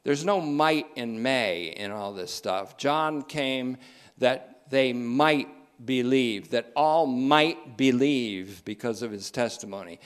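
A man preaching a sermon, emphatic and repeating key phrases, slowing down and speeding up as he goes. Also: mid-range voice, clean tone.

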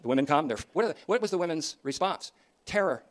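A man preaching a sermon in a fairly high voice. He punches his key points loudly, then drops to hushed, quieter asides. The delivery is earnest and pulpit-style throughout. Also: lively intonation, quick pace. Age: older. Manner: emphatic, rising to loud declarations then dropping to soft asides.

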